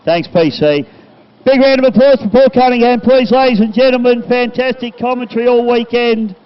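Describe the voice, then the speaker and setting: A man's voice: very high voice, level tone, fairly quick, clean tone. A man announcing at a boat race, matey and upbeat, thanking people over the PA. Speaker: race commentator and MC. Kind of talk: live PA announcing. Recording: dull live-stream audio with noise.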